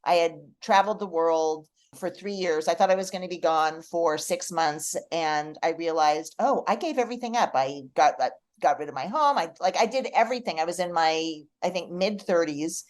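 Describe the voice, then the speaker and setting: Expressive middle-aged woman telling stories. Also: lowish voice, normal speed, few pauses. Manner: expressive storyteller, heartfelt. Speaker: podcast guest. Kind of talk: casual podcast conversation.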